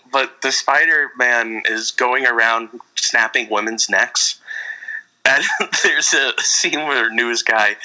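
A man co-hosting a casual podcast, rambling through an animated story with frequent laughs. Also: medium pitch, rough recording. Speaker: podcast co-host. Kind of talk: casual chat.

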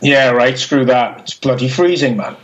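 A man's voice: medium pitch, normal speed, fairly bright tone, highs cut off, slight background noise. A man in casual chat who swears freely and eggs the others on. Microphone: remote call.

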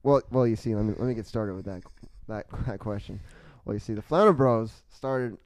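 Young male podcast guest, mellow smooth voice, dry close sound, jokey. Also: fairly low pitch, fairly quick. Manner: joking, playfully over-dramatic. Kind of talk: casual chat.

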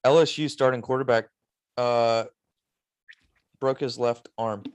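A man's voice: medium pitch, fairly even intonation, unhurried, dry recording. A man co-hosting a sports podcast, blunt and teasing in his remarks. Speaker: podcast co-host. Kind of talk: casual sports betting chat.

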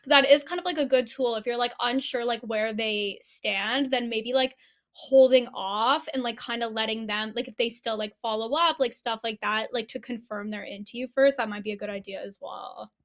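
A woman's voice: on the high side, steady tone, moderate pace, fairly bright tone. A young woman hosting a podcast in casual chat, chatty and laughing along with her guest. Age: young adult. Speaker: podcast host.

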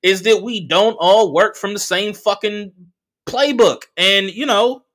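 A man who is a stand-up comedian and podcast host telling a profane, animated story full of fillers. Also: high-pitched, unhurried. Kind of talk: casual storytelling monologue.

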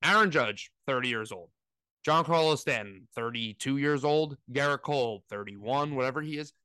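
A man's voice: mid-range voice, moderate pace, clean tone, no room sound. A man co-hosting a podcast, ranting animatedly in casual sports talk. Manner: animated ranting, mocking impressions. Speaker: podcast co-host.

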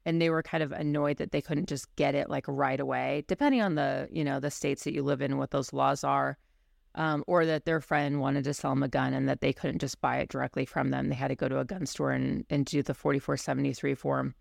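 A woman with a heavily gravelly, fry-laden voice talks bluntly in a relaxed podcast chat. The sound is close and dry, with no room around it, and she peppers her points with casual fillers. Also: rumbling low, a little fast, no echo. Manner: candid and blunt, many fillers like "you know". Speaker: podcast co-host and firearms instructor.

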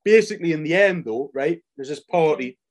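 A man co-hosting a podcast, telling a film plot in fast, sweary casual chat. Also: fairly high pitch, lively intonation. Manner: fast, sweary storytelling with 'aye' and 'right?'. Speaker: podcast co-host.

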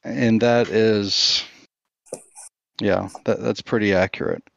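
A man co-hosting a casual podcast, speaking in a thoughtful, measured way with some hesitations. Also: on the low side, fairly even intonation, creaky, a bit bright, no room sound. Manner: thoughtful, measured, recommends books. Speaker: podcast co-host. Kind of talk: casual group chat. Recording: slightly dull lo-fi mic.

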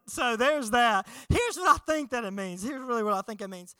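A young man preaching a sermon, telling a childhood story in an animated way and acting out the voices. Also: very high voice, a little fast, hardly any pauses, clean tone, dry recording. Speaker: pastor.

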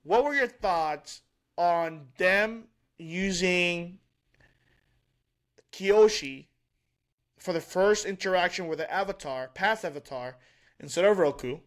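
Halting higher-voiced man on a podcast. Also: fairly bright tone. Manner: halting, searching for words. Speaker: podcast co-host. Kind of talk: casual podcast chat.

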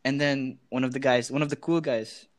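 A young man from the Philippines, co-hosting a podcast and telling a gaming story in casual chat, animated and quick to act out the people he quotes. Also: mid-range voice. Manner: animated, slips into put-on voices for quotes. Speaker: podcast co-host.

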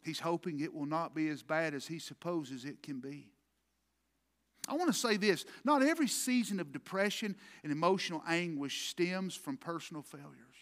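A male pastor preaching a sermon emphatically, swinging between loud, forceful lines and hushed ones. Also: on the high side, moderate pace. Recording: long hall reverb.

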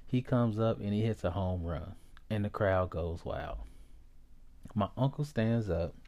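Slow-talking man from Ohio telling a story. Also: on the low side, dark tone. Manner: unhurried, halting with restarts. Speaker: podcast host. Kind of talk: personal storytelling monologue.

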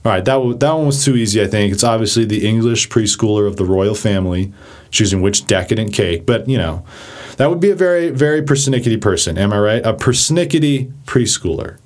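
A man giving a casual vocabulary lesson, chatty and animated, who acts out examples as he explains. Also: lowish voice, brisk. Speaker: vocabulary teacher.

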